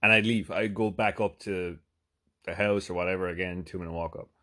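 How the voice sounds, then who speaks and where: A man with a fairly low voice tells a story on his podcast in a loose, rambling way. He swears freely and leans on fillers as he goes. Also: steady tone, fairly quick, pushed and bright. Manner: rambling, profane, lots of fillers. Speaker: podcast host. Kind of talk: casual comedic storytelling.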